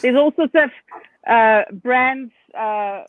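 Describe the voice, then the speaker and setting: A woman's voice: fairly high pitch, slow pace, no room sound. A woman with a South African accent, a guest author chatting cheerfully over a video call and laughing easily. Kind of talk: casual chat. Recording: dry, tinny call audio.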